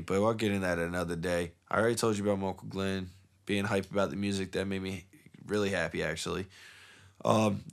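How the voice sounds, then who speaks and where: A man's voice: sits low, creaky. A man co-hosting a casual podcast, laid-back and rambling, swearing freely as he chats in a studio. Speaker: podcast co-host, rapper. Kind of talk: casual chat. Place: recording studio.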